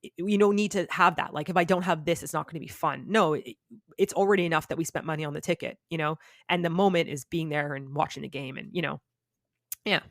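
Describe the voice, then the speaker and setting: A woman's voice: low-pitched, fast, no echo, clean studio sound. A woman guest on a podcast, talking candidly in a chatty, rambling way with many fillers. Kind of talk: candid conversational interview.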